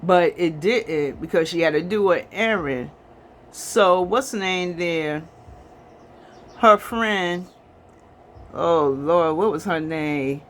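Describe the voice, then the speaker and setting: Slow, rambling movie recapper. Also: mid-range voice, fairly bright tone, a little hiss or hum. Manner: rambling, chatty, addresses viewers as y'all. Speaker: movie reviewer. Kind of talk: casual movie plot recap.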